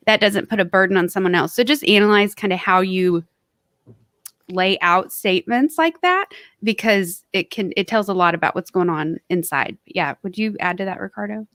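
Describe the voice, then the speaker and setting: A woman's voice: medium pitch, moderate pace, a bit bright, no room sound, studio quality. A woman co-hosting a motivational podcast, talking casually and offering practical advice in an earnest way. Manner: earnest, gives practical tips. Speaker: podcast co-host.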